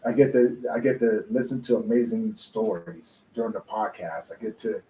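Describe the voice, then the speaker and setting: A man of middle pitch with an extremely dark, mellow voice hosts a podcast, musing casually and leaning on fillers. The sound is roomy, with faint ambience behind him. He turns his thoughts into questions for his guest. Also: moderate pace, slight background noise. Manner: reflective, filler-heavy, asks questions. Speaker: podcast host. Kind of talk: casual interview chat.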